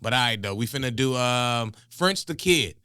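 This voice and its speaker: A man hosting a music reaction show in casual chat, laid-back and chuckling, giving shout-outs. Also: mid-range voice, animated, normal speed, clear, resonant tone, no echo.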